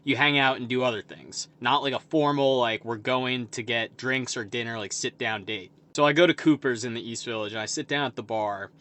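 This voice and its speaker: A man's voice: mid-range voice, a little fast, few pauses, bright, forceful tone. A man in his late twenties telling a personal story in a rambling, self-deprecating way. He fills his speech with lots of "like" fillers. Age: late 20s. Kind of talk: casual storytelling to camera.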